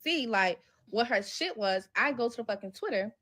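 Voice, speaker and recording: Bright, animated woman telling a story. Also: fairly high pitch, moderate pace. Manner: animated, profane, acts out quoted dialogue. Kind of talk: casual storytelling.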